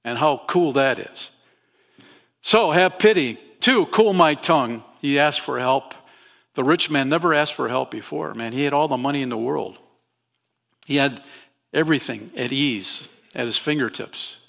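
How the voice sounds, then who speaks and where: A man's voice: mid-range voice, moderate pace, gravelly, a bit bright. A man as pastor, preaching a conversational sermon to his congregation in a church and asking them questions. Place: church sanctuary.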